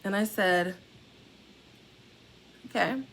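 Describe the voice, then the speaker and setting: A middle-aged woman casually telling her followers a personal story, animated and expressive, with big jumps in pitch when she quotes people. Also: extremely slow, gravelly, slight background noise. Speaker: salon suite owner sharing a warning.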